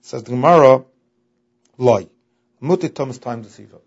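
A man's voice: medium pitch, moderate pace, slightly rough. A man teaching a Talmud lesson, reading the text and explaining it in a sing-song way that stresses key words. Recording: dull lo-fi audio.

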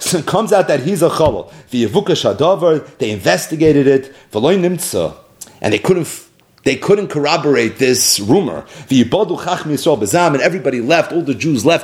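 Lively male Talmud teacher, rising pitch. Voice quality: animated, sometimes laughing as he explains. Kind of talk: explaining and retelling a text to a class.

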